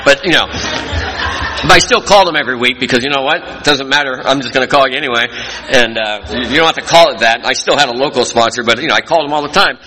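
A man's voice: medium pitch, quick pace, bright, forceful tone. A man sharing his recovery story in an earnest, folksy storytelling way at a meeting. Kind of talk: personal testimony talk. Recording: long hall reverb.

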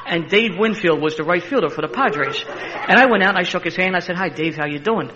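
Older Philly man spinning a fast yarn. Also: high-pitched, a crowd in the background. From Philadelphia. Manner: animated, laughing storyteller with a street-tough edge. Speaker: interview guest. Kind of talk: personal storytelling. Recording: slightly muffled recording.

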